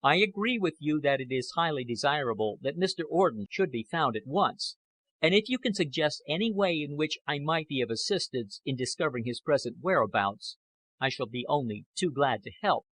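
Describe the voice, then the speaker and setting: A man voicing a cold, scheming man who answers curtly and evasively, in a husky voice. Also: on the high side, expressive, fairly bright tone, no echo. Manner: measured, curt replies.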